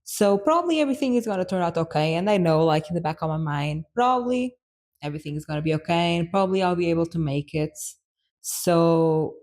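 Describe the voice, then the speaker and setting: A woman's voice: lowish voice, lively intonation, a little fast, darkish tone. A young woman hosting a podcast, telling a personal story in an earnest, reflective way, full of fillers and restarts. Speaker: podcast host.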